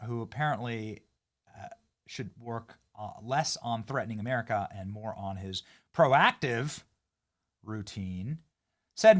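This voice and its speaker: A man hosting casual political commentary, sarcastic and animated, swinging from loud hype to low mutters. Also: slow.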